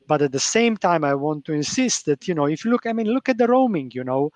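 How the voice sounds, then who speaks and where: A man's voice: fairly high pitch, very animated, fast talker, no echo. A man on a policy panel who talks hesitantly, with many fillers and restarts. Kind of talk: panel discussion.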